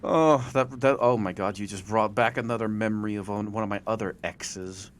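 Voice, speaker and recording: A man from the Netherlands, a native Dutch speaker, chatting in English as a podcast host and telling stories in an animated, self-deprecating way. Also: lowish voice, normal speed, a little hiss or hum. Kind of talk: casual podcast chat.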